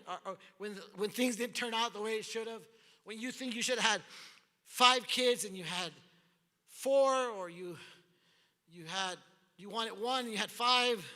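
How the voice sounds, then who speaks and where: High, bright-voiced preacher in a hall. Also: male voice. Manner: animated, acts out the scripture voices. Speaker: pastor. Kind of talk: sermon. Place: large church hall. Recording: long church hall reverb.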